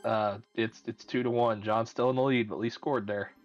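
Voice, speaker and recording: A man's voice: mid-range voice, fairly even intonation, normal speed, dull audio, faint music behind. A man narrating as game master in a tabletop game, thinking aloud with many fillers.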